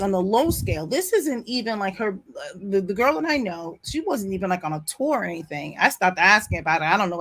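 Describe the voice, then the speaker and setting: This woman has a mid-range voice and the audio is poor. She's a commentary vlogger at home by her back window, laughing and animated as she spins a long, casual, digressive story full of asides and apologies.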